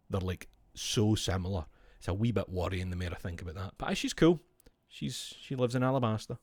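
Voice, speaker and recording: A man's voice: lowish voice, a little mellow, no echo, clean studio sound. A Scottish man streaming, chatting casually and explaining with gusto, swearing freely. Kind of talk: casual chat while showing cards.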